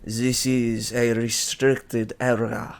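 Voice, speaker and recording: A pompous winged demigod oozes self-satisfaction in a deliberately bad French accent, as a man reading a storybook aloud puts him on. Each line is drawn out slowly and loudly, with a gravelly edge to the voice. He talks down to everyone around him. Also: medium pitch, flat delivery. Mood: haughty. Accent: put-on bad French accent. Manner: slow, smug, drawn-out delivery.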